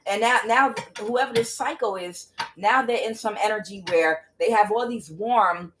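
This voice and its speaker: A woman's voice: mid-range voice, moderate pace, fairly bright tone, a little hiss or hum. A woman giving a casual tarot reading to camera, emphatic and exclaiming, talking straight to her viewers. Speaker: tarot reader.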